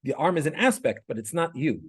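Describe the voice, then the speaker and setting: Fast and husky, this class instructor's voice runs on the high side with big pitch swings. He lectures conversationally, telling stories and frequently checking in with students, restarting often and tossing in "right?"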